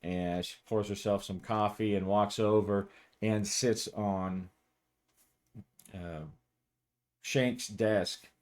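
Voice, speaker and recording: A man's voice: on the low side, steady tone, slow, pauses often. Chuckling man narrating a solo tabletop game. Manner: casual, chuckling, frequent restarts. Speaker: game master.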